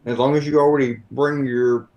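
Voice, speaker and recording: A man's voice: medium pitch, steady tone, normal speed, darkish tone, dull audio. A man in a casual live chat, chiming in with short side stories.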